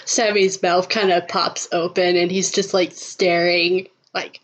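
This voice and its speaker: A woman's voice: lowish voice, level tone, a little slow, few pauses. A woman narrating her character in a casual tabletop roleplay, hesitant and full of fillers. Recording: dull lo-fi recording.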